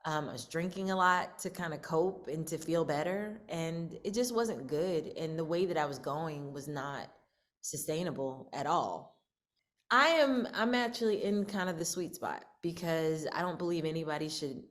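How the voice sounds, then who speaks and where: A woman speaks candidly in an interview, her voice sitting low. She thinks aloud, circling back with ums and restarts. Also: lively intonation, normal speed. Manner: reflective, many fillers and restarts. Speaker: country singer and radio show producer.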